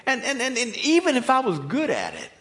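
A man with an American accent preaching a sermon in an emphatic, expressive delivery. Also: extremely high pitch, a little fast.

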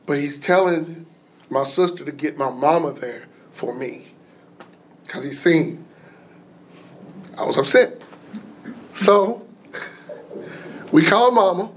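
A man telling a personal story in an animated way, acting out the voices of the people in it. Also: fairly high pitch. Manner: animated, acts out quoted voices.

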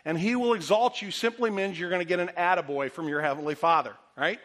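A middle-aged male pastor preaching with a voice a little higher than most men's. He tells his story with self-deprecating humor, then drops to a soft, earnest tone. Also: fast talker. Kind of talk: sermon.

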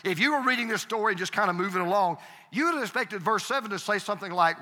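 Emphatic high-voiced preacher in a hall. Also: male voice, expressive, quick pace, sharp tone. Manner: emphatic, repeats phrases, calls for congregation response. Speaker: pastor. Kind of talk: sermon. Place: church sanctuary. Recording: reverberant hall.

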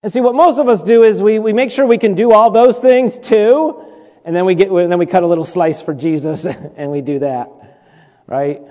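A man's voice: high voice, moderate pace, warm tone. A male pastor preaching a sermon in a conversational, humorous way, repeating his points and making asides to the congregation. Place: church sanctuary. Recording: long church reverb.

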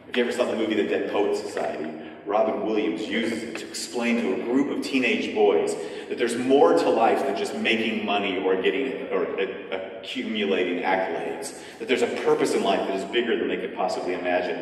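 A man's voice: on the low side, moderate pace. A man preaching at a church retreat, reading scripture and praying, then telling a story and acting out its dialogue. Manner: animated storyteller, acts out dialogue. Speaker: retreat speaker. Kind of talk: sermon with scripture reading and prayer. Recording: echoey hall, distant mic, faint noise.

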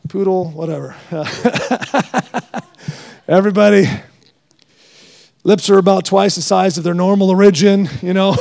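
A middle-aged man preaching a guest sermon, animated and storytelling with jokes. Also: high-pitched, measured pace, creaky, long pauses.

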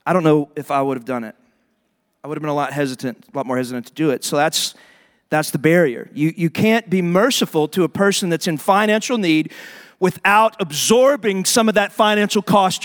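A man preaching a sermon as pastor, telling stories in an animated way and acting out the people in them. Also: high-pitched, in a large hall. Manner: animated storytelling with voiced asides.

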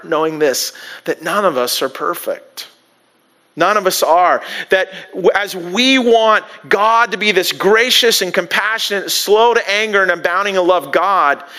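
Male pastor, high voice, bright tone, casual preaching style, voices quick asides. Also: clean tone. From United States. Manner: conversational preaching with restarts and acted-out asides. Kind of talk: sermon.

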